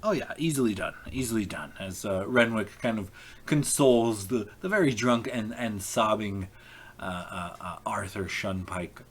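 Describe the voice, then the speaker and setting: A man narrating a tabletop role-playing game as game master online, halting, with many fillers and restarts. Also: fairly low pitch. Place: home, online call.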